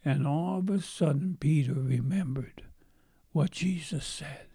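A man's voice: a little high, unhurried, mellow, slightly rough, no room sound, clean studio sound. A man preaching a sermon, telling a story with dramatic turns and falling into whispers. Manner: dramatic, acts out quotes, drops to whispers.

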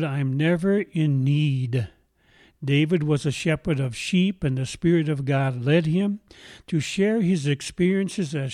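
A man delivers a sermon in a warm, mellow voice pitched a little high. He tells stories gently and slows down to stress key lines. The sound is close and dry. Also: dry recording. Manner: slow deliberate emphasis on scripture, gentle storytelling. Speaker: pastor.

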